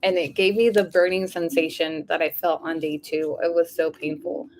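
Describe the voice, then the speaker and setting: A woman vlogger in a casual diary vlog, tired and low on energy, rambling with lots of fillers and speaking openly about her feelings. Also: flat delivery, moderate pace. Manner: openly emotional, confiding.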